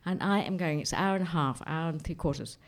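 A woman's voice: sits low, fast. A woman telling a personal anecdote in a vivid, dramatic way, often repeating herself. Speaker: storyteller.

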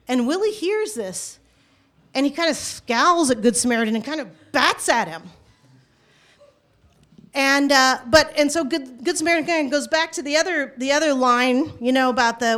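A woman telling a personal story out loud, conversational and halting, with frequent restarts. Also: high-pitched. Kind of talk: first-person spoken storytelling.

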